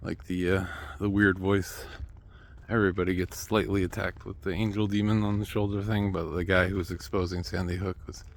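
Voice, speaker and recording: A man's voice: deep voice, little pitch movement, a little fast, gravelly. A man talking to the camera at home in a rambling, restless solo monologue, with chuckling asides and remarks to his cat. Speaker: vlogger.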